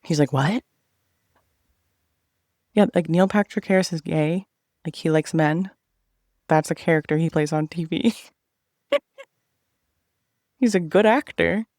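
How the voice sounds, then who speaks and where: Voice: medium pitch, slow pace, pauses often, darkish tone, no room sound, clean studio sound. A man in his thirties telling a personal story in a casual vlog chat, swearing freely and acting out what other people said.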